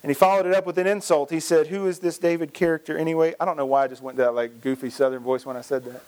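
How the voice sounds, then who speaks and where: A man's voice: medium pitch, steady tone, racing, a little mellow. A male pastor preaching a sermon, telling a story and acting out its dialogue, with frequent restarts.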